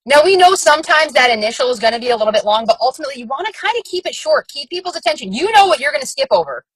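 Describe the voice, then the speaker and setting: A woman's voice: high voice, big pitch swings, racing, no room sound, poor audio. A woman coaching her team on a call, talking in a chatty, frank way with lots of fillers. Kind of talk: casual coaching talk.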